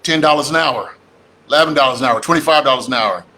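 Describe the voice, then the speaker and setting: Medium-pitched and quick, a man's voice comes through with slight background noise. As a real estate investor speaker, he gives a fired-up, preachy livestream talk about real estate, animatedly calling out to his audience and addressing them as "y'all."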